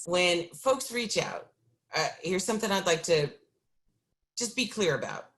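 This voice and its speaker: This is a woman speaking over a video call, her voice sitting a little low. She sounds deeply tired and talks openly and emotionally, pausing on ums and slipping in short laughs. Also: animated, fairly bright tone. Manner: candid, emotional, breaks into laughs, halting with many ums. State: exhausted. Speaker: city council member. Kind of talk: candid remarks on a video call forum.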